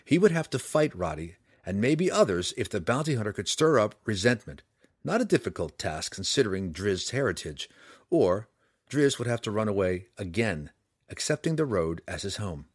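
Middle aged guy narrating a fantasy audiobook, low husky voice, swoops around a lot, dry close mic. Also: moderate pace, dry recording. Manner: expressive storytelling delivery. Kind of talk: scripted narration.

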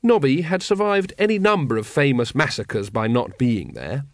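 A man narrating an audiobook in a wry, measured way. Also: medium pitch, very animated, dry recording. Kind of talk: scripted narration.

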